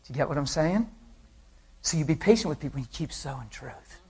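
Husky-voiced male preacher telling a story. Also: a little high, brisk. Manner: animated storytelling, voices quotes, laughs with the crowd. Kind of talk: sermon with acted anecdotes.

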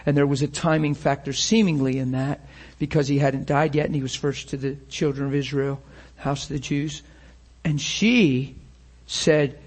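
A man preaching with fervor, firing rhetorical questions at his listeners. His voice sits on the higher side and has a husky, slightly rough edge. He acts out the scenes he describes as he tells them. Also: steady tone, normal speed. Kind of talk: sermon.

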